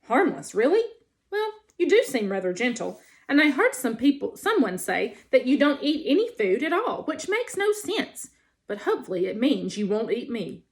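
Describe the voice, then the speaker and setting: A woman voicing a dramatic, chatty female possum who loves to perform. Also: normal speed. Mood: chatty, theatrical. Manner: animated, showy, high-pitched.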